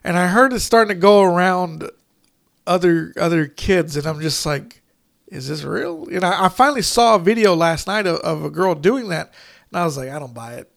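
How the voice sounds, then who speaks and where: A man's voice: sits high, normal speed, vocal fry, fairly bright tone. A man rambling through a casual chat about movies, full of fillers, restarts and casual swearing.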